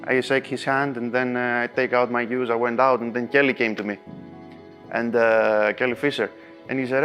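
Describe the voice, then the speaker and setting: A man recounts a match in a casual interview, speaking animated non-native English. His pitch sits mid-range for a man, and he often breaks into laughter. Soft music plays faintly underneath. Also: normal speed. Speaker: pool player interviewee.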